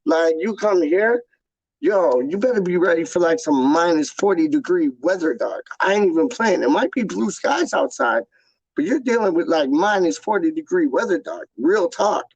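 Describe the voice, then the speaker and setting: Man, slightly high voice, gravelly, casual rambling chat, slangy. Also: moderate pace, no room sound, muffled recording. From London, England. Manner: slangy, repeats "dog" and "man" at line ends; rambling, animated. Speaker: YouTube channel host. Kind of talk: casual live chat with viewers.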